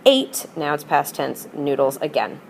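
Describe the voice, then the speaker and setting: A woman with a low voice and big swings in pitch talks a little slowly, with slight background noise. She is teaching a language class, drilling students through patient repetition and moving between English and Spanish.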